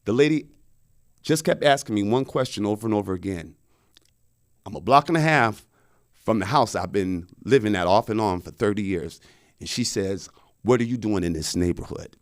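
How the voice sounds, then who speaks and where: A man's voice: lowish voice, normal speed, pauses often. Earnest man telling a personal story. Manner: earnest, emphatic, acts out his own pleading. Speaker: lecture speaker. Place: media studio. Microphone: studio microphone.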